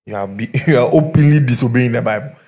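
A male pastor, preaching to his congregation in an animated way. He tells stories and drops pidgin asides. His voice sits at a mid pitch. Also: fast talker. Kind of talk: sermon. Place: church with live and online congregation.

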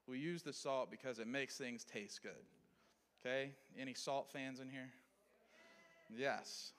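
A man's voice: medium pitch, fairly bright tone. Male Bible teacher, casual lesson style, echoing hall sound. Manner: conversational, checks in with listeners.

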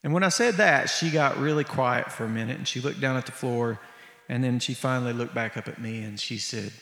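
A man's voice: mid-range voice, a little fast, a bit bright. A man preaching in a church, telling a story in a conversational, vivid way. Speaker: preacher and musician. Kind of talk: storytelling sermon. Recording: echoey hall, long reverb.

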